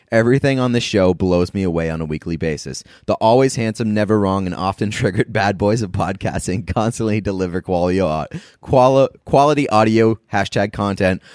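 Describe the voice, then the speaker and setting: A man's voice: on the low side, darkish tone, no room sound, clean studio sound. A man co-hosting a podcast, casually reading out listener reviews with jokes. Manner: laid-back, jokey, reads reviews aloud. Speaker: podcast co-host.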